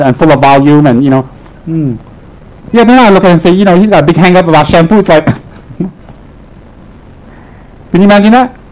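Male lama, slightly high voice, animated and joking, punchy repeated lines in a live talk. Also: rough recording. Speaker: Buddhist lama teaching his group. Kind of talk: live humorous dharma talk to an audience.

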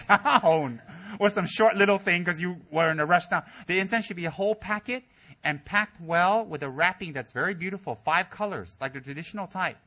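A man giving a humorous Buddhist dharma talk to his students, telling stories and mimicking people in squealing voices. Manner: animated storytelling, mimics students in high squeals. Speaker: Buddhist teacher. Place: teaching center hall.

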